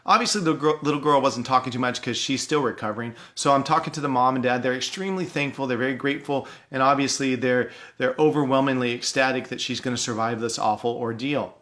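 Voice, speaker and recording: A man, an ER doctor, earnestly recounting a true story from work in a measured, pausing way. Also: medium pitch, steady tone, a bit bright. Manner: earnest, measured, pauses for effect. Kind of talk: personal storytelling.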